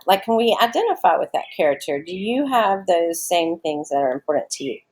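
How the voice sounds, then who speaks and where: A woman's voice: lowish voice, expressive, a little fast, a little mellow. A woman teacher with a Southern US accent explains a short story in a recorded remote lesson. She talks conversationally, explains step by step and asks her students questions.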